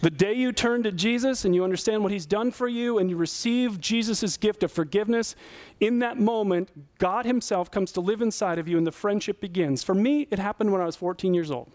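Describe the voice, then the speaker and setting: A man's voice: high voice, fairly quick, a little mellow, no room sound. A middle-aged male pastor giving an earnest, conversational sermon full of rhetorical questions.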